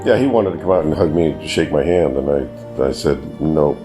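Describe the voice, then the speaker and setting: A man's voice: a bass voice, brisk, few pauses, over music. A man, the father, recalling a confrontation in a blunt, emphatic way. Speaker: father of the storyteller. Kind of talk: personal storytelling.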